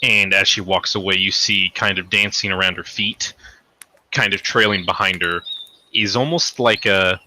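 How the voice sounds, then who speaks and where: A man's voice: deep voice, steady tone, moderate pace, bright, forceful tone. A man narrating a tabletop game as game master, rambling with lots of fillers and hedges. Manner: rambling, hedging, many fillers.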